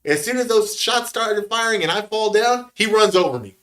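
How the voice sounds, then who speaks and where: High-voiced profane man storytelling. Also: lively intonation, moderate pace, pushed and bright. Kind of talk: casual storytelling.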